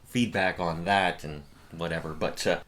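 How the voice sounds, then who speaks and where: A lively, animated middle-aged man in casual podcast chat as co-host. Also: low voice, normal speed.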